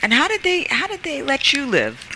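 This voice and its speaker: A man hosting a casual interview who asks eager, quick questions. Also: extremely high pitch, wildly swooping pitch, pushed and bright, slight background noise, poor audio. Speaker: talk show host.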